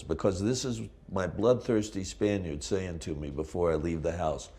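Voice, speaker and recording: An older man, an actor, telling stories in a lively, casual conversation, swearing freely. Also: sits low, normal speed, few pauses. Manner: animated storyteller, swears freely.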